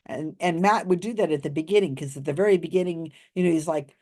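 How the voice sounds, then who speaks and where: Lower-voiced woman retelling events skeptically. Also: fast talker. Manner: animated retelling, acts out quoted lines. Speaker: skeptical commentator on psychics. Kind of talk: casual storytelling commentary.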